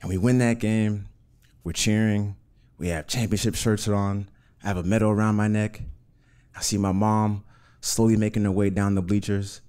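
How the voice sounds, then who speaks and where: A man telling a personal story on stage in an earnest, measured way, in vivid present tense. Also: fairly low pitch, little pitch movement, darkish tone, clean tone. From Uganda.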